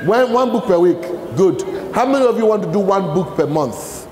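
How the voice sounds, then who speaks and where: The background is noisy as this Nigerian man, voice high and animated at a moderate pace, gives a live leadership talk. Standing before an audience in a large hall, he asks fill-in-the-blank questions, and the room echoes with long reverb.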